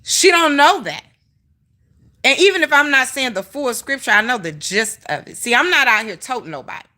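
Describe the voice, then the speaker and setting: Animated, bright-voiced woman ranting on a livestream. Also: a little high, quick pace. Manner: emphatic, profane, talking straight to the viewers. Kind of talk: heated commentary rant to a live chat.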